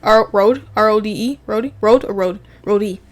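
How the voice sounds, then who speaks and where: A woman's voice: mid-range voice, steady tone, fairly quick. A woman co-hosting a podcast in casual chat, chatty, swearing casually and fumbling words. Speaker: podcast co-host. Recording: background noise.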